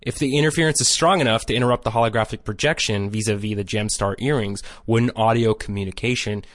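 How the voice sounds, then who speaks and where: A man's voice: fairly low pitch, fast talker, fairly bright tone, no room sound, studio quality. A man co-hosting a podcast, recapping a cartoon episode with wry joking asides. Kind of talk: casual recap narration.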